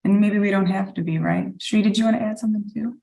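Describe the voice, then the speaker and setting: A woman's voice: mid-range voice, steady tone, fast talker, creaky, dark tone, roomy sound. A woman moderating a panel discussion in an encouraging way, calling on each speaker over a video call.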